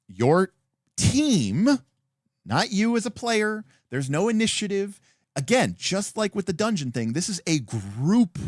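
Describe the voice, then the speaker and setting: Man, livestream host, lively swooping pitch, emphatic, dry close sound. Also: dry recording. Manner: animated, emphatic explainer with many fillers. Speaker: host explaining a tabletop game. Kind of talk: livestream talk.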